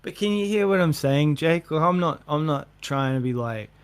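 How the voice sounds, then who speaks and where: A man's voice: fairly high pitch, lively intonation, normal speed, smooth. Een man die koppig en afwijzend tegenspreekt in een verhit online debat. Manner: stubborn, dismissive. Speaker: flat earth panelist.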